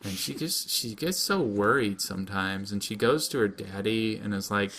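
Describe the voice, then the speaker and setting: A man's voice: lowish voice, moderate pace, a bit bright, slight background noise. A man co-hosting a podcast, recapping a show in a rambling, jokey way and slipping into silly put-on voices. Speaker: podcast co-host. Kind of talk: casual comedic recap.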